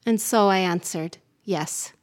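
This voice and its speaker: A woman narrating a literary story in the first person, calm and measured. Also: medium pitch, noisy background.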